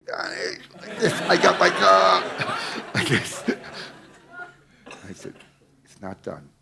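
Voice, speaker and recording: A middle-aged man speaking to a live audience, telling a personal story with intensity, dropping to a hush and swearing casually. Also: sits low, slight background noise. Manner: intense, swings from loud to hushed, swears casually. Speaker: speaker teaching a workshop.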